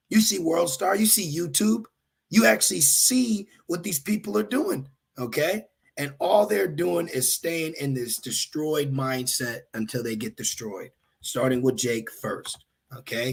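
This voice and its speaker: A man's voice: mid-range voice, slightly rough. A man giving an informal scripture teaching, reading verses aloud and talking straight to his listeners with frequent check-ins. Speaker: preacher.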